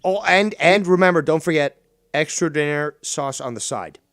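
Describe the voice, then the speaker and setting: A man's voice: on the high side, normal speed, fairly bright tone. A man from Canada hosting a gaming stream, teasing and swearing as he rambles on a computer mic. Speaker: streamer host. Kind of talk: casual gaming stream chat.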